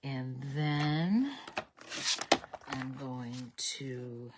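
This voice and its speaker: Her voice a true bass, a woman hosts a crafting livestream and talks herself through making cards at her table, chatting along the way. She speaks extremely slowly, and the audio is very noisy.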